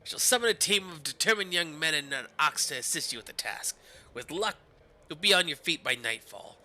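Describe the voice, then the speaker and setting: A man voicing a sly, polite Turkish shopkeeper who talks in a formal, smooth, mock-courteous way. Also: fairly high pitch, animated, fairly quick, sharp tone, rough recording.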